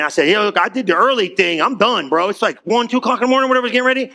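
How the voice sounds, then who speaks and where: Guy preaching, high gravelly voice, super animated storytelling, lots of slang. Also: rapid-fire. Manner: casual slang-heavy delivery. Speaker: pastor. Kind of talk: sermon.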